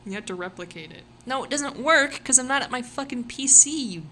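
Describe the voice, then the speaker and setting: A young woman talks on a live stream in a rambling, giggly way, full of ums and restarts. Her tone is bright and forceful even though her voice sounds a little sore. A faint background hiss sits under her voice. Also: high-pitched, brisk. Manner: rambling, giggly, many fillers. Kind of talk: casual live-stream chat.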